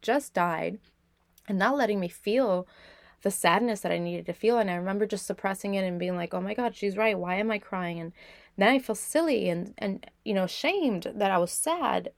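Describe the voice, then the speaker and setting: A woman's voice: mid-range voice, animated, normal speed, creaky, no echo, clean studio sound. A young woman podcast host candidly telling her own life story in a reflective way, with many "like" fillers. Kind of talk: personal storytelling.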